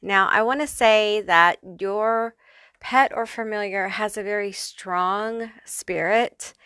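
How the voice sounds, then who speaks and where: A woman's voice: mid-range voice, slow pace, sharp tone, clear, resonant tone, no room sound. A woman giving a casual pick-a-card tarot reading who swears freely and laughs often. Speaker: tarot reader.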